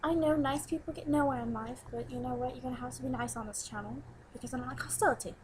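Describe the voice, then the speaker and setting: A teenage girl chats into her webcam at home, her voice sitting a little high. She rambles from one thing to the next and breaks into giggles often. A faint hiss runs under the home recording. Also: fairly even intonation, quick pace, low-quality recording. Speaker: new vlogger. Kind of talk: casual webcam chat.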